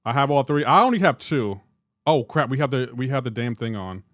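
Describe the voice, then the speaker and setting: A young man live-streaming a mobile game, joking back and forth with his chat in a casual, animated way. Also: mid-range voice, fairly quick, dry recording, clean studio sound.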